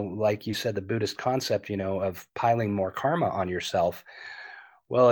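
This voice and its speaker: Lowish voiced guy in his 50s, earnest, kinda animated, says "you know" a ton. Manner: earnest and animated, frequent "you know" fillers, swears freely. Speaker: guest. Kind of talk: candid conversational interview.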